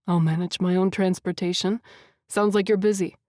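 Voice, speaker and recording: A confident wealthy man with a deep voice, as a woman puts him on in an audiobook reading. He talks in a smooth, assured, teasing way. The sound is dry and close. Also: steady tone, moderate pace, darkish tone, no echo, close to an everyday voice. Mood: assured, flirty.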